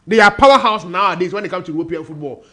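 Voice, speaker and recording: A man's voice: high voice, rapid-fire, a bit bright. A man with a Ghanaian accent analysing football on a radio sports panel, switching between Twi and English and reeling off team names. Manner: mixes Twi and English, lists teams in bursts.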